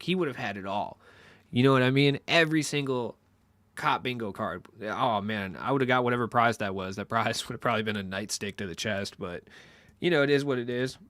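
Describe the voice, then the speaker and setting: A man's voice: mid-range voice, a bit bright, dry recording. A young man chatting casually with his stream viewers in a loose, rambling, profane way.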